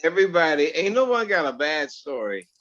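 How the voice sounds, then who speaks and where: A man telling stories in an interview, animated and acting out the dialogue he quotes. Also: fairly high pitch, a little fast, dull audio. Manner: animated storyteller who acts out quoted dialogue. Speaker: actor guest. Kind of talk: storytelling in an interview.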